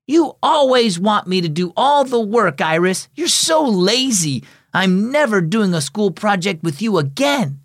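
A man voicing an upset young girl in a storybook tale, speaking in a high, pouting way. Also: big pitch swings, normal speed, dry recording, studio quality. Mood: whiny.

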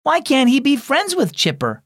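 Storybook little girl, high and whiny, pouty and upset, with lively swoops in pitch, as a male narrator puts her on. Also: normal speed, dry recording, studio quality, heavily acted.

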